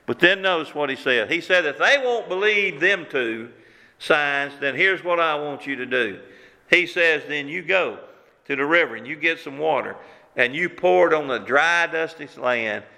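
Here a man preaches as pastor in an unhurried, mid-range voice that's creaky with a sharp edge. His emphasis swells and drops, words get repeated as his fervor builds, and hall reverb surrounds the recording.

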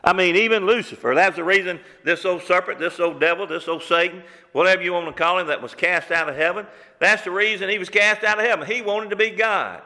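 A male preacher delivers a fervent sermon, pressing the same rhetorical questions again and again. His voice sits high and bright, ringing through a church sanctuary with a long, hanging reverb. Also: fairly quick.

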